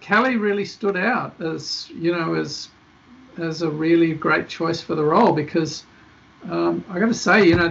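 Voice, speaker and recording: A man's voice: on the high side, vocal fry, fairly bright tone. A male film director guest, talking casually and rambling with many restarts in a podcast interview. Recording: dull lo-fi podcast audio.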